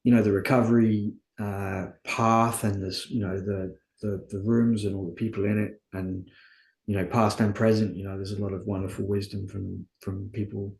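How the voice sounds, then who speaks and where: A man's voice: on the low side, level tone, normal speed, creaky, darkish tone, reverberant. A man as an interview guest, talking candidly and earnestly about his own life, often asking and answering his own questions. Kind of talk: candid conversational storytelling.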